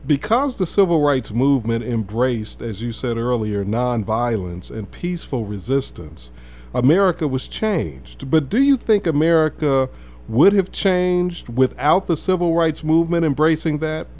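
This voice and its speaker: Halting male talk show host. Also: mid-range voice, lively intonation, a little mellow. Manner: hesitant, halting questions. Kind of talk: interviewing a guest.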